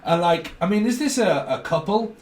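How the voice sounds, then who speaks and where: A man's voice: high-pitched, animated, normal speed, darkish tone, roomy sound, distant mic. A man gives a tarot reading, rambling and free-associating, full of fillers and swearing. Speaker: tarot reader.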